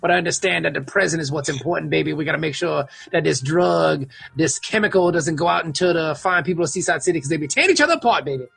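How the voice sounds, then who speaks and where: A man doing a gravelly, brash old-school wrestler. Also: a little high, a bit bright, heavily acted. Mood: boastful. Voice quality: gravelly, growling. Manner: rapid swaggering patter, calls people baby. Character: boastful aging male pro wrestler, brash.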